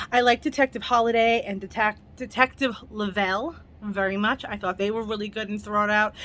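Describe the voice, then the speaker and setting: A woman's voice: on the high side, fairly bright tone. A young woman hosting her own book review vlog at home at night, chatty and enthusiastic but tired and yawning, laughing often as she talks. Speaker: book reviewer, channel host.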